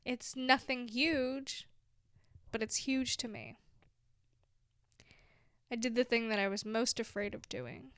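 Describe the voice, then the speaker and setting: A woman's voice: fairly high pitch, slow pace, long pauses, fairly bright tone, clear, resonant tone, no echo. A woman in her twenties hosting her own show, talking casually and heartfelt to her listeners, effusive and giggly. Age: 20s. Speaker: podcast host. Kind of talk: casual solo talk to listeners.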